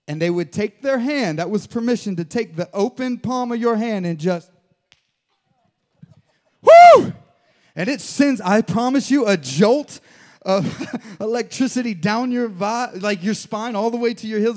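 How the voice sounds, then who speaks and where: Man, pastor, sermon, slightly high pitch, animated, joking with congregation. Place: church.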